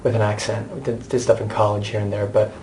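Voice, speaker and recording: A man's voice: lowish voice, fast, slight background noise. Chatty American actor in his thirties. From United States. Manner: chatty and animated, with many restarts and asides. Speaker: interviewee, stage actor. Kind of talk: candid conversational interview.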